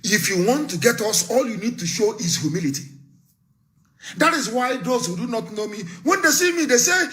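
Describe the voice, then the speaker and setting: A man delivers a fiery, scornful political address over a live broadcast. His voice sits high and sounds bright and forceful, and he hammers home his warnings again and again. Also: big pitch swings, normal speed. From Nigeria. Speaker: activist leader.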